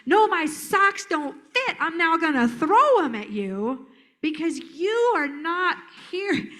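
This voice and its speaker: Woman doing a whiny upset kid, high voice, won't let it go. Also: very animated, takes it slowly, bright, forceful tone, exaggerated voice. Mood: insistent. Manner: whiny, insistent. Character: upset, defiant child escalating a complaint.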